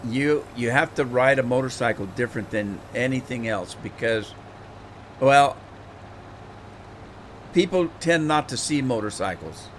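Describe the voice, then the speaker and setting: A man's voice: medium pitch, animated, measured pace, pauses often, a bit bright, a little hiss or hum. A middle-aged man hosting a game livestream, chatting casually and rambling, often repeating words as he thinks. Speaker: gaming livestream host. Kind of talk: casual chat while playing a game.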